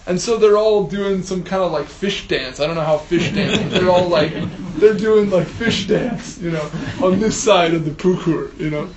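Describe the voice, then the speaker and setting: A man telling a spiritual story in an animated way, laughing often and using many fillers. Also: sits high, moderate pace, roomy sound, slight background noise, poor audio. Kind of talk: storytelling talk.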